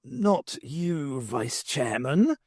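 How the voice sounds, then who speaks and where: A man's voice: mid-range voice, sing-song, very slow, a little mellow, husky, dry recording, studio quality, heavily acted. A man voicing a wheezy, courtly old male president who turns stern when crossed, in a novel reading. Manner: courtly, turning sharply stern.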